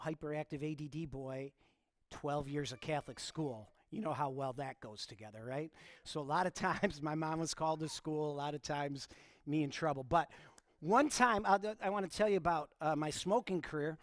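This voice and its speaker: Casual storytelling pastor, fairly high voice. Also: male voice, dry recording. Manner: informal, self-deprecating, talks straight to the congregation. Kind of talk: conversational sermon storytelling. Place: church.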